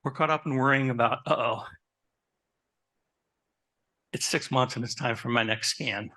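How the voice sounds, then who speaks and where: A man who works as a therapist, giving a lively talk to an audience, asking them questions and telling stories about his own life. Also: mid-range voice, normal speed. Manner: animated, asks the audience questions; personal anecdotes, conversational. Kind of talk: live presentation to an audience.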